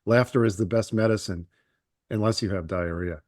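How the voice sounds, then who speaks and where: Low-voiced man joking on a podcast. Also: darkish tone, no echo, studio quality. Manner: joking, quick interjections. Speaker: podcast co-host, gastroenterologist. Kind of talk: casual podcast chat.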